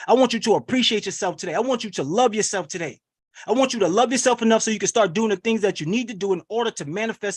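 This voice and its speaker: A man coaching on an online webinar, rallying listeners with an energetic, preachy call-and-response style over a video call. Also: high-pitched, breathy edge. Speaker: wealth coach hosting a webinar. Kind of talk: hype motivational webinar coaching.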